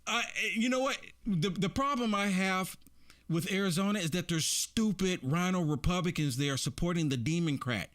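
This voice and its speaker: A man hosting casual political commentary, animated, repeating himself and laughing often. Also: high-pitched, normal speed.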